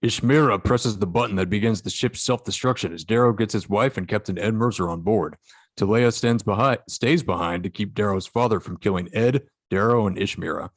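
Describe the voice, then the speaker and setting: Low-voiced man narrating a fan script. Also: a little fast, no echo, clean studio sound. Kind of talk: reading a fan script aloud.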